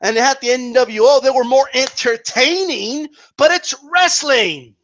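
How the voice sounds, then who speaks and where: A man's voice: extremely high pitch, measured pace, fairly bright tone, dull audio. A man delivering an exasperated, profane rant about wrestling, often ending points with "okay?" or "right?". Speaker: wrestling commentary vlogger. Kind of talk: ranting opinion monologue.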